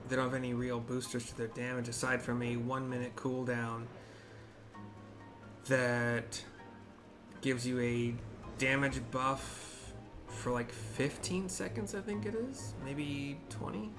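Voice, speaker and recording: A man's voice: mid-range voice, fairly even intonation, slow pace, over music. A man giving casual commentary on a video game for blind viewers, rambling, hesitant and often correcting himself. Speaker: gaming streamer narrating for blind viewers.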